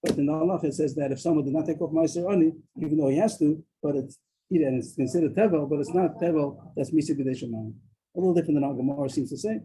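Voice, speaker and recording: A man leads a Talmud study class on a video call. He explains at a rapid clip in a dark, mellow voice, often stopping to restart his sentences. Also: on the high side, a little hiss or hum, poor audio. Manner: explains quickly, with frequent restarts.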